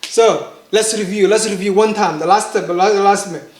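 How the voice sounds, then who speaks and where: A Mandarin teacher leading a pinyin lesson, drawing out each model word slowly and asking the listener to repeat, with casual fillers in between. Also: mid-range voice, fairly even intonation. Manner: slow, drawn-out model words with fillers. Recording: echoey room.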